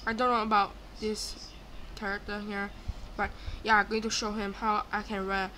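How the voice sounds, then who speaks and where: A young woman giving live gameplay commentary, excitable and chatty, talking back to game characters. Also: medium pitch, moderate pace, slight background noise. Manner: excitable, screams and gasps, talks to game characters. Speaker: gaming YouTuber.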